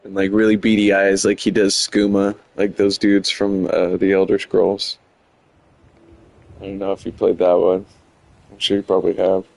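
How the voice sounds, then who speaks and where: Male streamer, low-ish gravelly voice, loose rambling commentary with fillers. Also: completely flat delivery, normal speed, a little mellow, no room sound, low-quality recording. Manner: rambling, many fillers, chuckling. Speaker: game streamer. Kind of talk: casual gameplay commentary.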